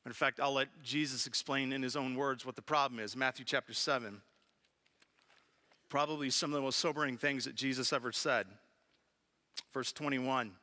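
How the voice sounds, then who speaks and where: A man preaching a sermon as pastor, telling funny family stories with lively animation. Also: medium pitch, fairly quick. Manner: storytelling with humor, animated. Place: church sanctuary.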